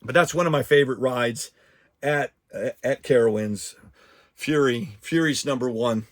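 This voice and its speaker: A man's voice: medium pitch, unhurried. A man hosting a podcast, chatting casually and rambling with frequent restarts and asides. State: out of breath. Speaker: podcast host.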